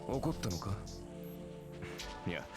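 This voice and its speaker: A man's voice: normal speed, close to an everyday voice. A man voicing a sardonic, aloof male warrior servant in a visual novel, speaking in a cool, condescending, dry way. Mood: dismissive. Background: game music.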